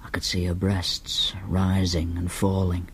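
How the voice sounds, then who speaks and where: A man with a Northern English accent narrating an audiobook in a deadpan, matter-of-fact manner. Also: low-pitched, a little slow. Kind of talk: first-person audiobook narration.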